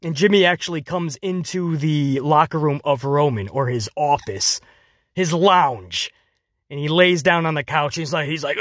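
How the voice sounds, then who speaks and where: A man reviewing a wrestling show in casual solo commentary, animated and jokey, slipping into quick mocking impressions. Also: a little high, no echo, clean studio sound.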